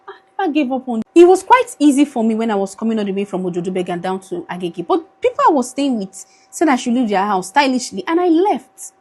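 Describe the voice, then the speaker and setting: A young Nigerian woman with a high voice talks into her phone camera in an emotional vlog. Her Nigerian accent colours every line as she pleads in a tired, worn-down way, moving between English and Pidgin. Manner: pleading, weary, switches into Pidgin. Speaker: vlogger.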